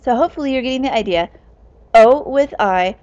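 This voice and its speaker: A woman teaching as a Latin teacher, talking slowly and stressing each word ending. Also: on the high side, lively intonation, darkish tone. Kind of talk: classroom explanation. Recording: dull lo-fi recording.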